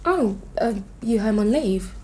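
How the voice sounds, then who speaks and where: An actress playing a chatty, teasing nurse in a television drama. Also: female voice, a little high, lively intonation, a little slow, warm tone, a little hiss or hum. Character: chatty, cheeky nurse treating a wound.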